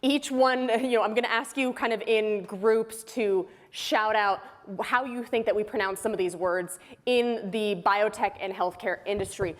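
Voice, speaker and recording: A woman hosting a live podcast panel, playful and laughing often as she quizzes the audience. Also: on the high side. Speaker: podcast host. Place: conference hall stage. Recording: reverberant hall.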